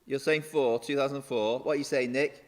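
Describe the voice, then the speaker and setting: A man co-hosting a casual livestream quiz, animated and encouraging, repeating the answers, recorded in a church building. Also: mid-range voice, fairly quick. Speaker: quiz co-host. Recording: long reverb.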